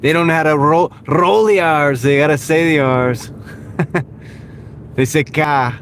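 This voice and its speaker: A man's voice: a little high, unhurried, fairly bright tone, voice pushed up. A man putting on the voice of a blustering, pompous older male politician who boasts and repeats himself, over the road noise of a moving car. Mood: mocking. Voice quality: boastful, repetitive.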